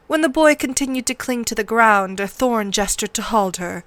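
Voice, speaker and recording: A woman narrating a novel aloud in a measured, steady read-along style, close to the mic. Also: fairly high pitch, no room sound.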